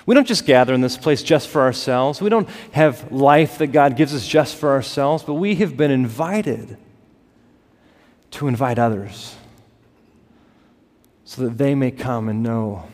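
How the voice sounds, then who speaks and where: A man preaching a sermon as pastor, building to emphatic peaks and dropping to soft, quiet lines. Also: mid-range voice, lively intonation, measured pace, pauses often. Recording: long reverb of a large hall.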